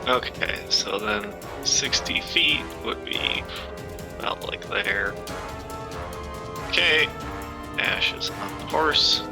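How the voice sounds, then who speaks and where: A man's voice: on the high side, takes it slowly, creaky, pauses often, over music. A man playing a tabletop game, thinking aloud about his moves. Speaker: player. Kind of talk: casual play at a tabletop game.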